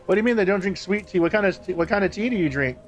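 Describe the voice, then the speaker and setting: A man's voice: sits high, animated, very fast, slight background noise. A man streaming a game live, chatting casually, swearing and laughing as he banters with his chat. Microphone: streaming microphone.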